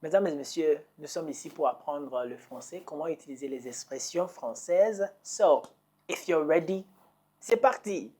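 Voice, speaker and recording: A woman's voice: deep voice, normal speed, noisy background. A woman hosting a French lesson, patiently quizzing listeners and repeating words for them to copy. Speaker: French teacher. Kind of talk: language lesson.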